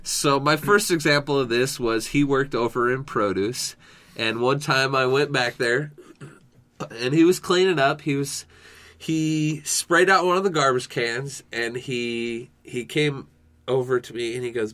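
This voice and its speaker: A man's voice: mid-range voice, a little slow, a bit bright. A young man co-hosting a podcast, telling funny workplace stories in casual chat and laughing as he acts out what people said. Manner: laughs through his storytelling, acts out quotes. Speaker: podcast co-host.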